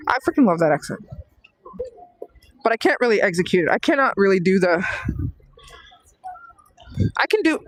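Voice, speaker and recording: A travel vlogger livestreams from a handheld phone while walking city streets and temple grounds, chatting casually, rambling and sometimes dropping to a whisper. Her medium-pitched, expressive voice is moderately paced with long pauses, in a low-quality recording with no echo.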